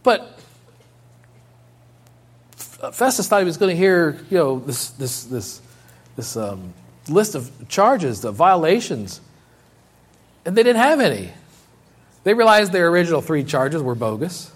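Husky and sing-song, this preacher takes his time and pauses often as he reads scripture aloud and paraphrases it. Quotes come out high and loud, while his points land low and quiet, with key phrases repeated.

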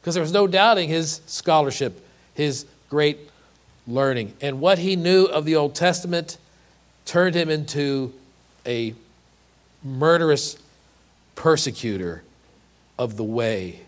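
A man's voice: a little high, takes it slowly, pauses often. A man preaching a sermon, earnest and emphatic, often repeating and restarting words and asking rhetorical questions. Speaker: pastor.

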